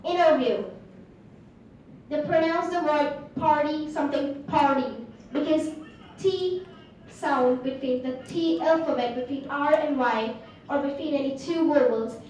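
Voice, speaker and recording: High-voiced Indian teen girl in echoey hall. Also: measured pace, a little mellow, distant mic, slight background noise. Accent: Indian English. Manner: earnest, repetitive, with frequent uh fillers. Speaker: student speaker. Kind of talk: delivered speech to an audience. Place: large event hall.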